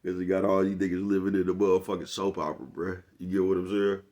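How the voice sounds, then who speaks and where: A man with a deep, low-set voice talks straight to camera in a loose, rambling rant. He is blunt and heavy on profane slang, circling back again and again to ask if you follow him. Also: flat delivery, fast talker, a little mellow. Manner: rambling, keeps asking "you know what I'm talking about". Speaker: vlogger. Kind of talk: casual monologue rant.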